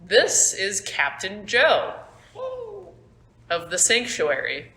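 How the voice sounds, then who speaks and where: A woman's voice: mid-range voice, sing-song, takes it slowly, sharp tone. Young woman casually running a tabletop game. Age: young adult. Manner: casual, swearing, laughs at own slips. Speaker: game master. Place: school room. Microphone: phone. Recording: echoey room, phone, faint noise.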